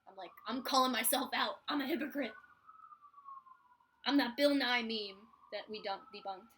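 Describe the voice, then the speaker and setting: A young woman with a Philadelphia accent, chatting casually and mocking herself. Her voice is bright and forceful and sits a little high. She keeps slipping into the voices of the people she quotes. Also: moderate pace, a little hiss or hum. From Philadelphia, USA. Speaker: vlogger. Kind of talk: casual live chat.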